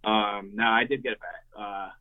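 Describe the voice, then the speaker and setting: Heard over a tinny, phone-like line, a young man who plays in a hardcore band is a guest telling casual stories. His fairly low voice stays steady at a moderate pace as he rambles along, full of fillers and cursing freely.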